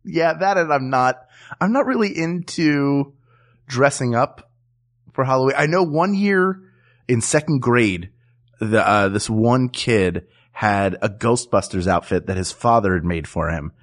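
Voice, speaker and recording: An easygoing man co-hosting a comedy podcast, chatting loosely and laughing often. His voice sits at a middle pitch, and he restarts his sentences as he goes. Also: expressive, measured pace. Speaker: podcast co-host. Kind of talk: casual comedic chat.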